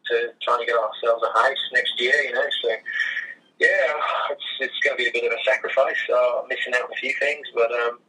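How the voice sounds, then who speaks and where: A hoarse young man talks casually as an interview guest, rambling along in a flat, level tone. His voice is bright and husky, and it comes from well back from the mic. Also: medium pitch, brisk. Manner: easygoing, rambling with many fillers. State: hoarse throat. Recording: voice from far off the mic.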